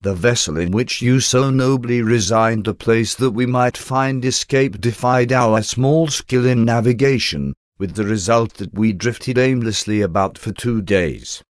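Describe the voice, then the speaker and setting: A man's voice: mid-range voice, measured pace, hardly any pauses, dry recording, studio quality, lightly acted. A man reading as a devoted young slave woman. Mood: earnest.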